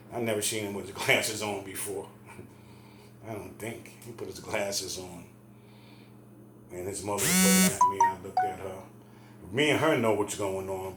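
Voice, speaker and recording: A man's voice: on the low side, a little hiss or hum. A middle-aged man heatedly retelling a family fight in a casual, profane rant. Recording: echoey room.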